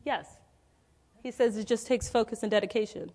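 A woman's voice: a little high, steady tone, moderate pace, darkish tone. A woman in her forties preaching a sermon in a conversational, storytelling way, calling out questions to the congregation. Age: 40s.

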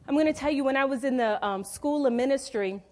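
A woman's voice: high-pitched, brisk, darkish tone. A woman in her forties preaching a sermon in a conversational, storytelling way, calling out questions to the congregation. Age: 40s.

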